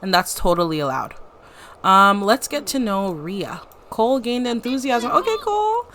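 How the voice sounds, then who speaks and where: A woman narrating a life-sim let's play in a chatty, casual way, filling her talk with "like" and quick asides. A faint background noise sits under her voice. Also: medium pitch, animated, a bit bright. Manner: chatty, uses "like" a lot. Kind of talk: casual gameplay commentary.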